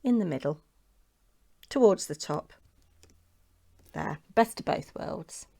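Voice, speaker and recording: This papercraft tutorial host is a woman whose voice is fairly low, gravelly and dark, and she speaks slowly but expressively. She keeps up a casual, chatty commentary and talks to herself while working.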